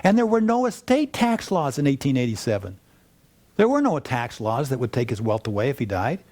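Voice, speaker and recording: Fast-talking older man telling stories. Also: mid-range voice. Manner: rambling, animated, with restarts and asides. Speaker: wealth planning firm founder. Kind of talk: casual storytelling talk to an audience.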